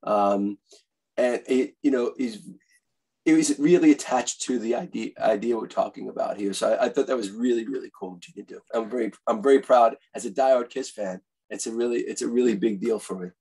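Husky-voiced New man telling stories. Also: on the low side, fairly quick, low-quality recording. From Bronx, New York. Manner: animated, eager storyteller who acts out quotes. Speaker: guest author and musician. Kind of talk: casual interview storytelling.

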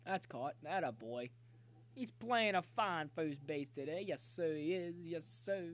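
High-voiced excitable male game streamer. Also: measured pace. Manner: excitable, cheers and yells at the game; talkative, jokey banter with viewers. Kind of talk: live gameplay commentary.

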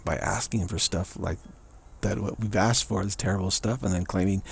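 A man's voice: deep voice, fairly even intonation, normal speed, gravelly, slight background noise. A man giving a playful spiritual talk, telling stories and acting out the voices of the people in them. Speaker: spiritual teacher.

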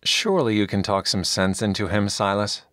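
Man doing an exasperated knight, pleading, pitched up, dry close recording. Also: moderate pace, a bit bright, no echo, lightly acted.

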